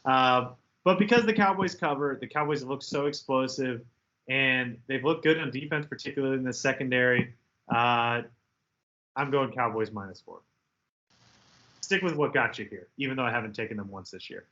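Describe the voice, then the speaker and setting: A man's voice: medium pitch, normal speed, dull audio. A man co-hosting a podcast, chatting casually and animatedly about betting picks. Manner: animated, mimics people in loud outbursts. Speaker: podcast co-host. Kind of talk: casual sports betting chat.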